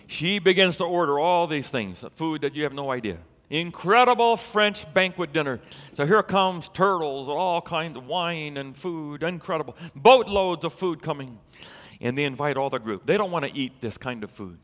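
A man preaching a sermon as a pastor, telling a story in an animated way and building to emphatic peaks. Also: fairly high pitch, normal speed, long reverb tail.

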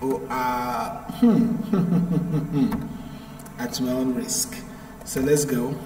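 A man's voice: fairly high pitch, animated, drawn-out words, darkish tone, a little hiss or hum. A man teaching English pronunciation to a live class, patient and repeating points to drill them. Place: echoey classroom. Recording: roomy, echoey, from far off.

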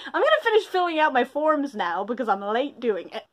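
Irish girl in her 20s rambling at the camera from bed, kinda high voice, keeps putting herself down. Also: very animated, normal speed, hardly any pauses, a bit bright. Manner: rambling, self-deprecating, full of fillers. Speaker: vlogger. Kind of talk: casual chat to camera. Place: bedroom, in bed.

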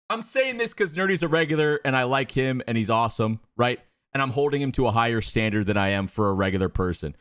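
A man's voice: a little high, sing-song, a bit bright, dry recording, studio quality. Exasperated young man coaching gameplay, cursing. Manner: profane, exasperated, repeats words rapid-fire. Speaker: streamer coaching viewers. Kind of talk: live gameplay coaching commentary.

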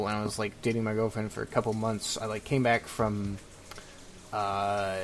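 A man's voice: lowish voice, a little hiss or hum. A young man hosting a podcast, talking in a laid-back way and saying "like" often. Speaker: host. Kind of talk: casual chat.

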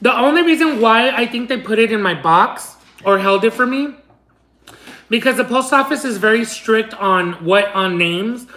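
Animated man with a bright, roomy sound. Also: high voice, moderate pace. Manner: animated, dramatic and giggly. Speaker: food vlogger opening fan mail. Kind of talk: casual storytelling to viewers. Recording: roomy echo.

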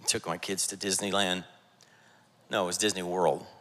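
Male pastor, bright energetic preacher voice, reverberant sanctuary. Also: deep voice, normal speed. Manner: energetic, jokey, rallying the congregation. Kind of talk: sermon. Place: church sanctuary. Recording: church hall reverb.

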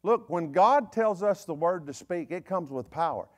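A man with a Southern US accent, a bishop preaching a sermon in a folksy, joking way with quick asides. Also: high voice, lively intonation. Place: church service.

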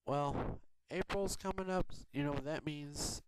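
A man from Houston giving a rambling, chatty update vlog from a quiet home, laughing often. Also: on the high side, a little slow. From Houston, Texas. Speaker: video blogger. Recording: noisy home recording with clicks.

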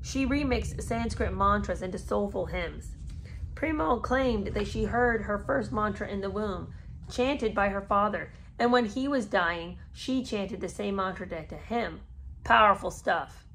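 A woman reads passages from a memoir in a plain, steady voice, then cuts in with her own sarcastic, disbelieving commentary. She is a podcast host talking straight to her listeners. She sounds like a mother of three who has no patience for nonsense. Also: medium pitch, unhurried, creaky, slight background noise. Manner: sarcastic, incredulous asides between read passages. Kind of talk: reading a memoir aloud with commentary.

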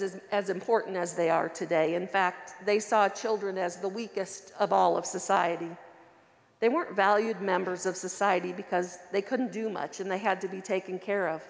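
A woman's voice: mid-range voice, vocal fry, big-room sound. A woman reading a children's story aloud in church and then explaining its lesson.

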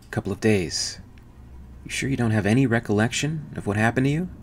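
A man's voice: mid-range voice, quick pace, slight background noise, pitched above the performer's own voice, natural voice. A man reading a practical ship captain. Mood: matter-of-fact.

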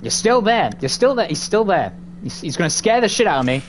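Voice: mid-range voice, very animated, a little fast, a little hiss or hum. Jittery, swearing horror-game player. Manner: profane, taunting, jittery. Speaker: gamer playing a horror game. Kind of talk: let's play commentary. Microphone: desk microphone.

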